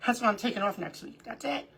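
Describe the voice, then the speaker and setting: A middle-aged crafting livestream host speaks at a moderate pace in a medium-pitched voice that is bright and forceful with a breathy edge. She keeps things casual, greeting viewers by name and talking to herself as she crafts.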